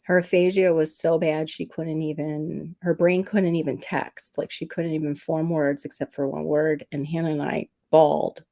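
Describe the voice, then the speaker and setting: Middle-aged woman host, low gravelly voice, casual teary livestream chat. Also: little pitch movement, moderate pace, hardly any pauses, dark tone. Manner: emotional, tearful storytelling, sniffling. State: teary, sniffling.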